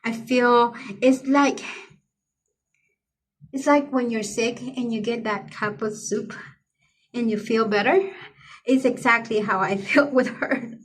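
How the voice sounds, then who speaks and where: A woman's voice: on the high side, steady tone, takes it slowly, long pauses. A middle-aged woman chatting casually to her viewers, gushing with effusive praise for other creators. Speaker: coloring channel creator. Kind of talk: casual chat to camera.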